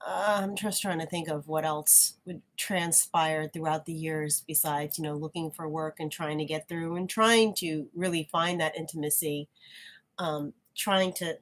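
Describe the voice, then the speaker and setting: Woman vlogger, lower pitch, frank reflective monologue with halting restarts. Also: steady tone. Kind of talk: casual spoken monologue.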